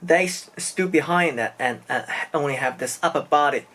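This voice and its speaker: A man's voice: on the high side, moderate pace, a bit bright. A man from China, speaking English and telling a personal story in a casual vlog, hesitant and searching for words. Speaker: vlogger.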